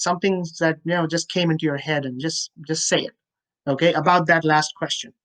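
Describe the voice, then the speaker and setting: A woman's voice: deep voice, a little fast, a bit bright. A woman tutoring students for a speaking test in an online webinar, giving direct advice and ending nearly every point with a checking "okay?". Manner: direct, coaching tone with frequent "you know" fillers.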